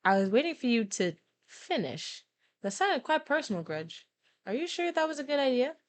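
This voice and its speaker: Woman doing a cheerful, chatty game friend, slightly higher, sing-song delivery. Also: big pitch swings, normal speed. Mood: friendly.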